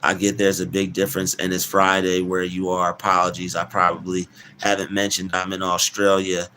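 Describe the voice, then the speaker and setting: A man hosting a casual live stream, rambling, repeating words and giving shout-outs to chat. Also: low voice, monotone, a little fast, a little hiss or hum.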